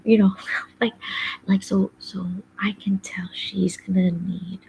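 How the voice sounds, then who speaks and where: A woman's voice: mid-range voice, steady tone, slow pace, gravelly, a little mellow, a little hiss or hum, low-quality recording. A woman hosting a podcast, talking casually and rambling with many fillers, often dropping into a whispery undertone. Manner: rambling, heavy use of fillers like "like" and "um". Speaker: podcast host. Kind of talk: casual personal monologue.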